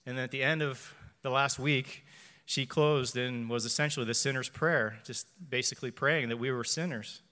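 A man in his forties gives an earnest personal faith testimony to a church, speaking in measured phrases and repeating lines for emphasis. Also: medium pitch, fairly even intonation, sharp tone, long reverb tail. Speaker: church member giving testimony.

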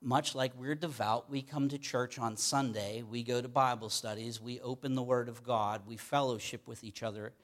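A man's voice: mid-range voice, fairly even intonation, moderate pace, hardly any pauses. A middle-aged man from Pittsburgh with a Pittsburgh accent, preaching a sermon in a conversational way and often checking in with "okay?". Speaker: pastor.

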